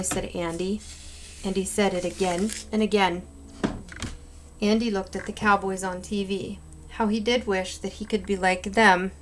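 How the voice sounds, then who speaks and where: A woman reading children's picture books aloud in an unpolished way, with small slips. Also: mid-range voice. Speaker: reader.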